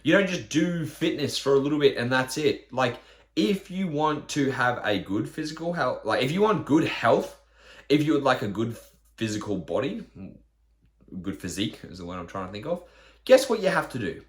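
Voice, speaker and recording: A man's voice: mid-range voice, animated, moderate pace. A man, a fitness trainer, ranting bluntly on his podcast with lots of swearing and rhetorical questions.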